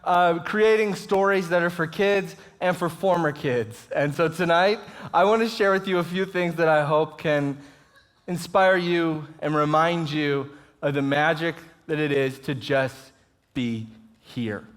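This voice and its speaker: High-voiced man giving a lively talk. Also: unhurried. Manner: lively storytelling with chuckles. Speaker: guest speaker. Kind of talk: inspirational talk at a church service. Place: church auditorium, live audience.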